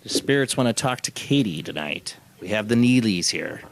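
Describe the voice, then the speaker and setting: With a fairly low, gravelly, expressive voice at normal speed and a bit of hiss or hum in the audio, an American man hosts a casual call-in spirit-box stream. Friendly and quick to laugh, he stammers at the beginnings of sentences.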